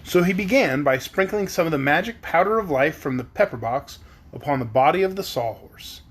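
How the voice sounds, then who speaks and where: A man's voice: fairly high pitch, animated, brisk, slightly rough. A man reading a children's book aloud at bedtime, then chatting playfully with his kids.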